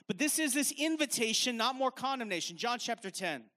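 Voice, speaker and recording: Man, preacher, very high pitch, energetic sermon, conversational, repeats phrases. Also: a little fast. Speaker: evangelist preacher.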